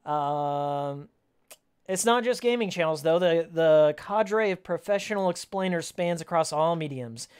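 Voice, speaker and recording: A man's voice: fairly high pitch, a little slow, a little mellow, smooth. A man streaming a video game, chatting casually with his viewers in a heated, sarcastic rant with frequent laughs. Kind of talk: casual live-stream chat while playing.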